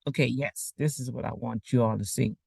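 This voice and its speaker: A man's voice: medium pitch, steady tone, a little fast, creaky, darkish tone, breathy edge, dry recording. A man giving a casual, rambling online talk as a financial coach, preaching with asides while sharing his screen.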